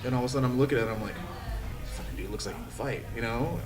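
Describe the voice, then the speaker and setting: A man telling animated fight stories on a live podcast. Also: medium pitch, racing, over music. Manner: animated storyteller, quoting others. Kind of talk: casual storytelling chat. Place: restaurant venue, live podcast. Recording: distant mic with crowd noise.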